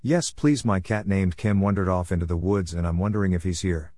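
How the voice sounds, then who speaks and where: A man's voice: sits low, a little fast, mellow, dry recording, studio quality. A man voicing a worried, polite man searching for his lost cat in a read-aloud story. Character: worried male cat owner, kind.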